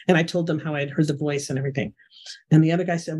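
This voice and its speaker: A middle-aged woman, a guest in an interview, telling a personal story in an animated conversational way. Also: sits low, rapid-fire, breathy edge. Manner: animated storyteller, frequent "you know" fillers. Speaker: guest, remote viewing expert.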